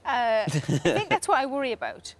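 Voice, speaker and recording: A woman's voice: on the high side, wildly swooping pitch, moderate pace, crowd noise. A woman in her forties, a comedian answering fan questions in a casual, giggly chat. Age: 40s. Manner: chatty and giggly, laughs often.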